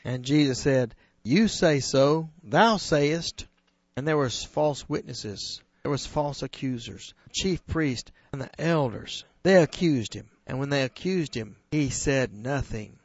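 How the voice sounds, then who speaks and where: A man's voice: a little high, expressive, no room sound. Earnest male preacher, dull dry recording. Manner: earnest, emphatic, slows on key phrases. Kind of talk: sermon retelling scripture.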